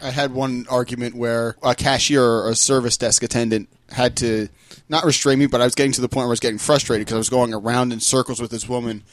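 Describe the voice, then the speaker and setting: A man's voice: mid-range voice, flat delivery, quick pace, dry recording. A man co-hosting a podcast, retelling a work story in a blunt, exasperated way. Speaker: podcast co-host. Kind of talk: casual storytelling chat.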